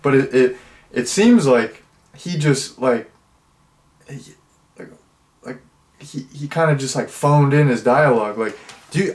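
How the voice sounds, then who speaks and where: A man's voice: medium pitch, a little slow, long pauses. Young male reviewer, mid-range voice, loose and rambling, full of filler words. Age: 20s. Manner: rambling, heavy with fillers and restarts. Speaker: movie reviewer. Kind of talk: casual spoken review.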